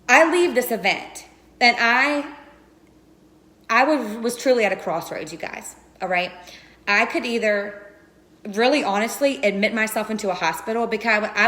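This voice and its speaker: A woman's voice: a little high, a bit bright, echoey room. A woman giving an earnest, emotional personal testimony, talking straight to her listeners. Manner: earnest and passionate, addresses listeners as you guys. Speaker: direct sales coach.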